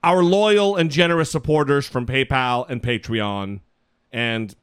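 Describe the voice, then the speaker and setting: A man's voice: mid-range voice, unhurried, clear, resonant tone. A man co-hosting a casual political podcast, chatty and rambling, swearing casually. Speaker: podcast co-host. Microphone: studio mic.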